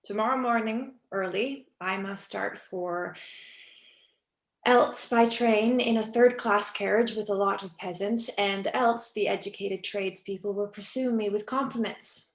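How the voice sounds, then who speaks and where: A woman reading the part of a weary, heartsick young actress in a cold reading over a video call, wistful and shifting between hushed and urgent. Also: medium pitch, steady tone, unhurried, natural voice. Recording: echoey room on a video call.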